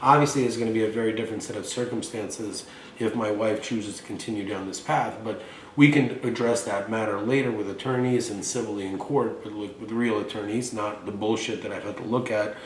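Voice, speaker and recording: A man's voice: on the low side, fairly even intonation, brisk, reverberant, distant mic, a little hiss or hum, poor audio. A man in his forties, from Russia, hosting a show and talking in a blunt, boastful, profane way. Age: 40s. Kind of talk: casual monologue and storytelling.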